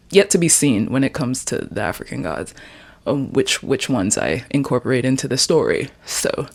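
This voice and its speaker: Her pitch is extremely low, yet she speaks expressively at a normal speed with a slightly mellow quality. She's a woman in her twenties from Jamaica, vlogging casually from her room as she rambles and jokes about her writing.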